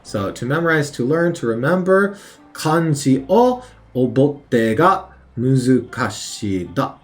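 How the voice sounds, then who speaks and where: Man, casual study commentary, unhurried and animated, repeats each word as he works it out. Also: mid-range voice, soft background music. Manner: thinks aloud, repeats words over and over, many fillers. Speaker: language learner studying on video. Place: at his work computer on lunch break.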